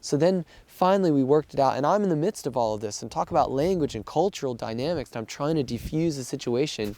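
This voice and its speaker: This man talks fast in a warm, animated, medium-pitched voice, with no echo on the recording. He's a missionary aid worker casually and earnestly telling what happened, acting out people's quoted words.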